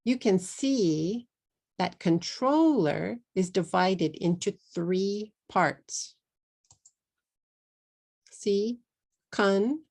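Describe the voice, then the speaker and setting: Slow, gravelly Texan woman teaching English. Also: medium pitch, darkish tone. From Texas, USA. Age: middle-aged. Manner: slow, deliberate explaining, slipping into Japanese at times. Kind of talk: online English lesson.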